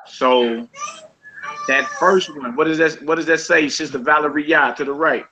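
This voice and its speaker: A man teaching a casual group Hebrew lesson over a voice call, quizzing his students in a relaxed, conversational way. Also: a little high, normal speed, highs cut off, slight background noise.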